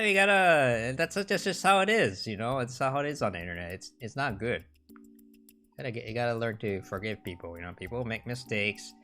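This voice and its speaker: A man with a medium-pitched, fairly bright voice hosts a casual livestream. He rambles and keeps restarting his sentences, swearing and mocking things in sarcastic quotes.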